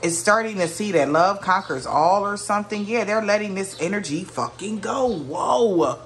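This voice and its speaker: A woman's voice: medium pitch, animated, moderate pace, slight background noise. A woman giving a casual tarot reading to her viewers, musing aloud, often exclaiming and trailing off mid-sentence. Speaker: tarot reader.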